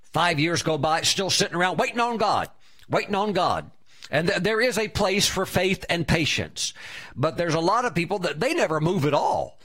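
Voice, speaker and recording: A man preaching a sermon as pastor, with animated delivery and shouted exclamations of praise. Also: fairly high pitch.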